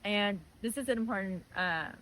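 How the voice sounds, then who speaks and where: A woman's voice: medium pitch, moderate pace, low-quality recording. A young woman giving a personal faith testimony in a conversational, earnest way. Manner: earnest, animated retelling with voiced quotes.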